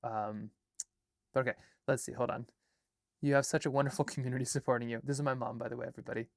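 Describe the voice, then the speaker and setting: A young man from Alaska talks casually on a livestream, rambling as he thinks aloud and reading chat comments and draft text back to himself. His voice sits at an average pitch with a gravelly, creaky edge. The sound is close and dry, with no room echo. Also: fairly even intonation, fast. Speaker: artist and filmmaker livestreaming.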